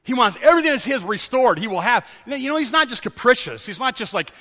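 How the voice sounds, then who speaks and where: A man's voice: very high voice, lively intonation, fast talker, hardly any pauses, bright, forceful tone, long reverb tail. A male pastor preaching a sermon, emphatic and repeating key words for stress.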